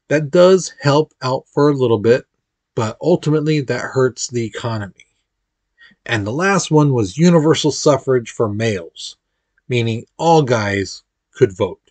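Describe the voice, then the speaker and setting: A man gives a relaxed history lecture, talking casually and slipping into playful voices when he quotes people. His voice sits in a middle range and the recording is close and dry, with no room echo. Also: mid-range voice. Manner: informal, chatty, acts out quotes with playful voices. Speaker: history teacher.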